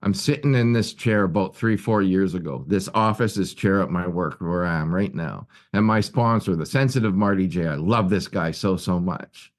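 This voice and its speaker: With a low voice at normal speed and hardly any pauses, a man speaks from his work office as a guest at a recovery meeting. He shares earnestly about his own recovery, his stories full of restarts and repeated words.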